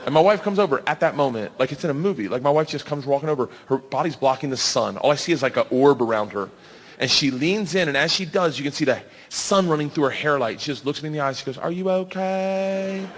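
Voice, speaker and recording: A man in his thirties telling a wild story in stand-up comedy, loud and animated, yelling the big moments and laughing through his lines. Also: mid-range voice, quick pace. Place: comedy club stage before a laughing audience. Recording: live hall reverb, faint ambience.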